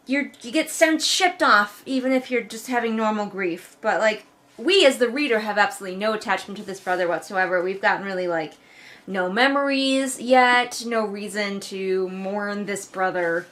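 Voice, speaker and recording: A woman's voice: mid-range voice, fairly bright tone. A woman giving sarcastic, mocking commentary while reading along with a book she dislikes. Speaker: book reviewer. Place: home couch.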